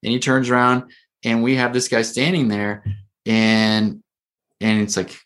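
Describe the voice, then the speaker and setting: A man's voice: mid-range voice, steady tone, unhurried, a bit bright. A male therapist telling a story in a casual podcast conversation, rambling with lots of fillers and restarts.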